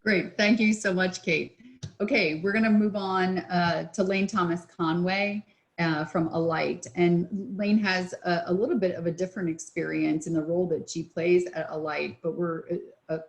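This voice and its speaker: A woman's voice: low voice, creaky, rough recording. A woman moderating a webinar panel, talking conversationally with fillers and restarts. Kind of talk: webinar discussion.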